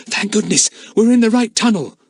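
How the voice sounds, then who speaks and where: A man's voice: sits high, normal speed, slightly rough, no room sound, clean studio sound, voice pushed up. A man voicing a brave, anxious boy who urges his friends on in a breathless, urgent way.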